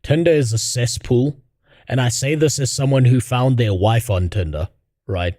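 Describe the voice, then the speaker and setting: A man riffs casually on a livestream, sarcastic and quick to swear. His voice is dark and mellow, and it is recorded close with no room sound. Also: medium pitch, dry recording. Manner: blunt, profane and sarcastic. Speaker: streamer reacting to videos. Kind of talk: casual livestream reaction chat.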